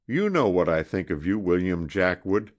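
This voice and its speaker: A proud young woman in a storybook, cold and defiant when she refuses a man, as a low-voiced male narrator puts her on. Her lines rise above the reader's usual register but still carry a deep, lively tone. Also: normal speed. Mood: indignant. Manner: cold, firm and indignant. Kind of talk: audiobook character reading.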